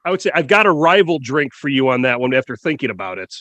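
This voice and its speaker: A man's voice: mid-range voice, sing-song, quick pace, pushed and bright, dry recording, lo-fi sound. A man co-hosting a casual podcast roundtable, chatty and jokey. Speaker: podcast co-host.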